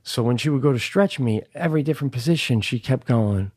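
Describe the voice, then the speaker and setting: Talking fast in a mid-range voice, a podcast co-host launches into a casual, funny story. He's lively, swears without restraint and plays out the voices of the people he's quoting, all in a clean, dry studio recording.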